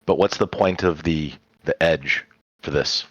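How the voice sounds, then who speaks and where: A man's voice: rumbling low, measured pace, fairly bright tone, breathy edge, no room sound, dull audio. A man playing an online tabletop game, asking unsure questions about the rules. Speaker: player. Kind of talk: casual game talk.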